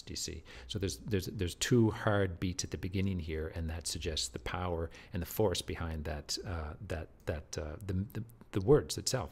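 A lower-voiced man lecturing on literature. He talks emphatically, often restarts mid-phrase and keeps checking in with "do you see?" His tone stays that of an explanatory teacher. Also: normal speed, few pauses, slightly rough.

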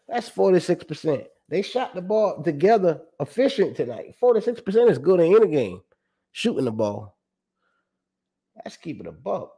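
Male sports host, fairly high voice, energetic, loose and slangy, repeats his points. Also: creaky, husky. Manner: animated, slangy and profane, reciting stats with emphatic repeats. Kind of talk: casual sports commentary.

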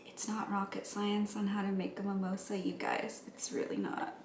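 A woman casually chatting through a home cocktail how-to, relaxed and full of ums and likes. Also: mid-range voice, normal speed, echoey room, heavy background noise.

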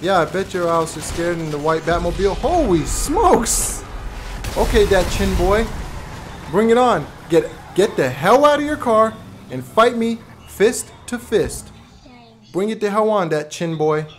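A man voicing a brash, rowdy young gamer character during a live game stream, shouting boastful trash talk. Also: high-pitched, animated, measured pace, faint music behind.

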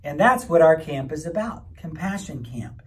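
A man, a pastor, gently explaining ideas to children at a church camp in a rambling, friendly way. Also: a little high, big pitch swings, normal speed. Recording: mic from far off.

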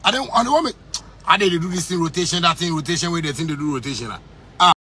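A man's voice: fairly high pitch, fast talker, pushed and bright, a little hiss or hum. A man from Ghana with a Ghanaian Pidgin English accent, ranting to camera from inside a car in fiery, repetitive street talk. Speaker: musician vlogger. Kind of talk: casual rant to camera.

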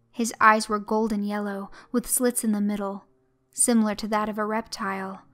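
A woman narrating a horror story in a measured, even way. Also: medium pitch.

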